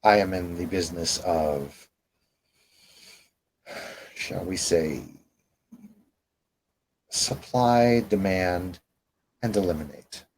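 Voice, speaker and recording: A man voicing a suave, formal male vampire fixer in a tabletop role-play, speaking in a courtly, measured way. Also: deep voice, slight background noise, low-quality recording.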